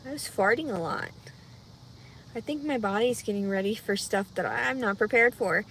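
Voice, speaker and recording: A heavily pregnant woman chatting casually with viewers on a livestream, rambling and anxious, her voice jumping into loud high cries when she gets upset. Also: moderate pace, a little hiss or hum. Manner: rambling, talks through her worries out loud. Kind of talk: casual live chat.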